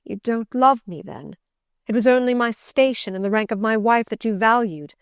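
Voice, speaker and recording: A woman reading an audiobook, voicing a passionate, brooding middle-aged gentleman who pleads and commands urgently. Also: on the high side, moderate pace, clear, resonant tone, no echo, studio quality, natural voice. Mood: bitter pleading.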